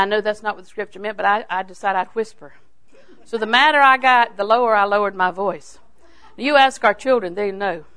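An older woman delivers a sermon in a homespun, storytelling way. She punches key phrases loudly, then drops into near-hushed asides. She has the easy manner of a longtime Bible teacher. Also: medium pitch. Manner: folksy and animated, swings from loud emphasis to hushed asides.

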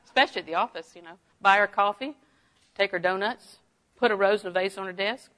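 A woman's voice: mid-range voice, a little fast, fairly bright tone. A woman teaching a Bible lesson in sermon style, telling personal stories and driving home her points with emphatic declarations. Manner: emphatic, storytelling, rising to strong declarations.

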